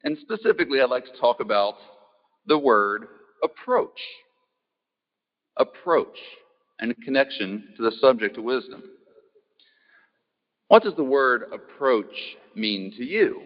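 A man gives an easygoing talk in a mid-range voice, asking the audience questions and poking gentle fun at himself. His voice carries a long hall reverb. The sound is a bit muffled and dull. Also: medium pitch, sing-song, a little slow, long pauses. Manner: easygoing, self-deprecating, asks the audience questions. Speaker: speaker giving a talk. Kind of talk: folksy talk opening with a joke.

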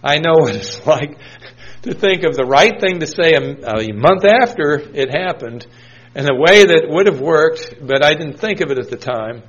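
A man's voice: on the high side, animated, normal speed, breathy edge, muffled recording. A man preaching a sermon in a conversational storytelling manner, quoting scripture. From New Hampshire, USA.

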